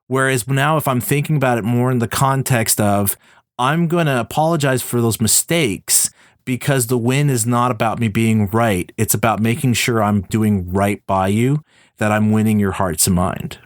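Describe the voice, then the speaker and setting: A man's voice: medium pitch, fairly even intonation, normal speed, no room sound, clean studio sound. Canadian man hosting a podcast. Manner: thoughtful, builds long summarizing questions. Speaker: podcast host. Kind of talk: conversational interview.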